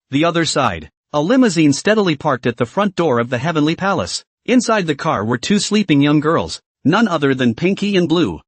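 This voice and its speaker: A man's voice: fairly high pitch, no room sound. A man narrating a comic story recap in a dramatic storytelling manner.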